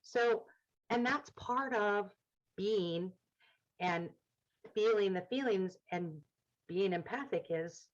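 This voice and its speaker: A woman's voice: medium pitch, slow pace, long pauses, highs cut off. A middle-aged woman telling candid stories in conversation, acting out quoted dialogue with humor. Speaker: guest.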